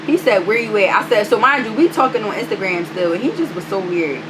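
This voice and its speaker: A woman vlogger telling a story in a casual, animated and profane way, full of fillers. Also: mid-range voice, quick pace, background noise.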